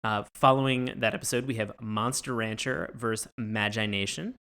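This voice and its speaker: A man's voice: lowish voice, fairly even intonation, normal speed, bright, forceful tone. A man co-hosting a podcast, upbeat, plugging upcoming shows and his social handles. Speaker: podcast co-host. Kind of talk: casual podcast chat.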